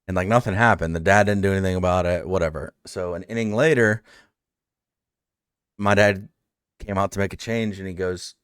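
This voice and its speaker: A man's voice: low voice, steady tone, a little fast, long pauses, fairly bright tone, smooth, no room sound, clean studio sound. A man hosting a casual interview, rambling through a heartfelt story with many fillers. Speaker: podcast host.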